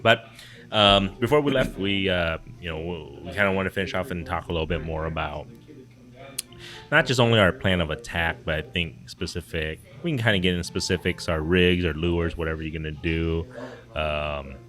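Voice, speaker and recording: A man's voice: low-pitched, moderate pace, fairly bright tone, soft background music. A man co-hosting a fishing podcast from a brewery, chatting casually with a rambling, laid-back manner. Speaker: podcast co-host. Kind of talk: casual chat. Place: brewery taproom.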